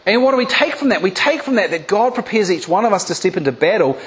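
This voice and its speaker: Animated high-voiced man preaching. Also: fast talker. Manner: animated storytelling, acting out biblical voices. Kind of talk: sermon.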